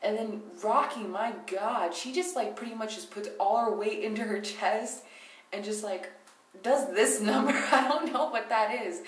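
A woman's voice: mid-range voice, moderate pace, distant mic. A young woman giving a casual, rambling recap of a reality show, swearing freely and opinionated, laughing as she talks. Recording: roomy echo, speaking away from the mic.

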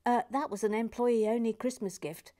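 A woman hosting a building stream, reading viewer comments aloud in a playful way, slipping between soft whispers and bursts of mock indignation. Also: on the high side, fairly even intonation, moderate pace. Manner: reads viewer messages aloud with hesitant restarts. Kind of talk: chatty live-stream commentary while building.

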